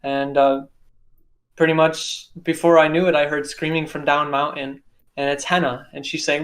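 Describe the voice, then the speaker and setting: A man's voice: fairly high pitch, level tone, normal speed. A man, a podcast guest, telling a dramatic personal story in a casual interview, repeating phrases for emphasis. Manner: intense, repetitive retelling with vivid detail.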